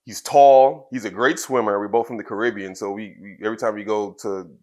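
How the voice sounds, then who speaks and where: A man from Trinidad, in his thirties, telling a personal story in an interview, soft-spoken and halting, with many fillers and restarts. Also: on the low side, fairly even intonation. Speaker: wrestler guest.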